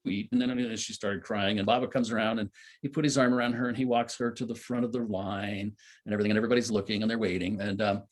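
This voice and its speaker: A man's voice: lowish voice, fairly even intonation, fast talker. Rambling older man telling a story. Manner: rambling, many fillers and restarts. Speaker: satsang storyteller. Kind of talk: casual spoken storytelling.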